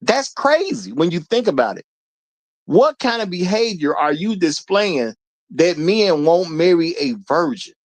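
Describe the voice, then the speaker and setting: A man's voice: high-pitched, big pitch swings, measured pace. A man hosting a livestream, talking bluntly and lecturing his chat in casual commentary. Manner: blunt, preachy, talks straight to the chat. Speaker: livestream host.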